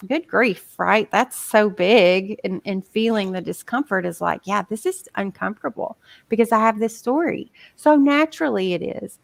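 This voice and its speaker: A woman's voice: medium pitch, gravelly, dry recording. A woman talking casually on a podcast as a guest coach, chatty and full of filler words. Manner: chatty, many "like" fillers, acts out inner voices.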